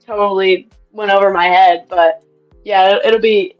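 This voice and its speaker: A young woman co-hosting a casual chat, excitable and full of fillers and restarts. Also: mid-range voice, unhurried, faint music behind. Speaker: co-host, racer. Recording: dull lo-fi audio.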